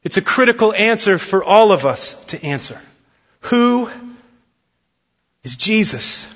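Bright-voiced preacher telling a story. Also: male voice, high voice, sing-song, measured pace. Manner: storytelling, acting out dialogue. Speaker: pastor. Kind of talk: sermon. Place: church sanctuary. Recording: dull lo-fi sound with long hall reverb.

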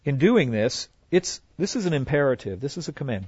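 An earnest man teaches a Bible class, stopping to read passages and working his way through each point with plenty of fillers. His voice sits at an ordinary middle pitch. The recording is dry and a bit dull, with no room sound. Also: sing-song, brisk, a little mellow, slightly rough, no room sound. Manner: earnest, with frequent fillers and restarts, quoting scripture.

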